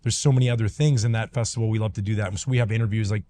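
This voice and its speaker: A middle-aged man from Canada, a former pro pitcher, telling stories in a casual chat, full of fillers like "like" and "you know". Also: very fast, slight background noise. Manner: animated, filler-heavy, acts out voices in anecdotes.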